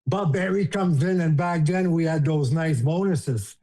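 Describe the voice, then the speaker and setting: A man's voice: on the high side, a little slow, mellow. A man in his fifties with a French accent tells stories in a casual, emotional way. He laughs easily and his voice rises when he acts out other people's lines. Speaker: guest, former hockey player. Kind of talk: casual storytelling.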